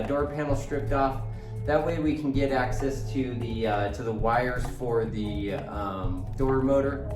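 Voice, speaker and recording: A man's voice: mid-range voice, roomy sound, far from the mic. A man talking casually as he strips a car door in his garage, loose and joking, with lots of fillers and some swearing. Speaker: car vlogger working on a track build. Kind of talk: casual workshop commentary.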